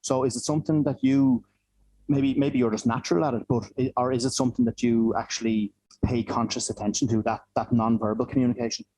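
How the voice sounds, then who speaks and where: Host: man, quick and rambling, mellow voice, dry close sound. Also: mid-range voice, fairly even intonation, no echo, low-quality recording. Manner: rambling, hesitant questions with many restarts. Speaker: podcast host, interviewer. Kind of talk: casual interview questions.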